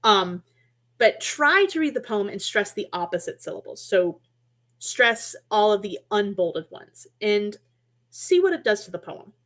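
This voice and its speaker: A woman's voice: mid-range voice, very animated, unhurried, fairly bright tone. A woman presenting an online lesson on poetry and music, explaining in a friendly, casual way with small asides and self-corrections, heard through a computer mic.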